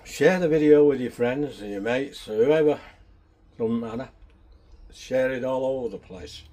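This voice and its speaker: Rambling home cook, male, warm mellow tone, easygoing vlogger chat. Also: mid-range voice, a little slow. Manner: rambling, chatty and down to earth. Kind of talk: casual chat.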